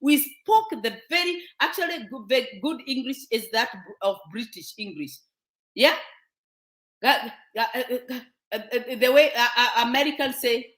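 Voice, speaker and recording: A Kenyan woman with a Kenyan accent hosts her show, delivering an impassioned, scolding monologue to viewers packed with rhetorical questions. Her voice sits high and sounds expressive and a bit bright, at a normal pace. The room is echoey.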